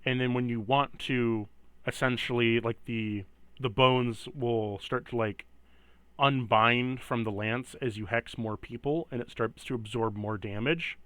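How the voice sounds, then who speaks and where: A man's voice: mid-range voice, steady tone, a little slow, a bit bright, clean tone, no room sound. A man running a tabletop game as game master, explaining items in a loose, rambling way with many fillers.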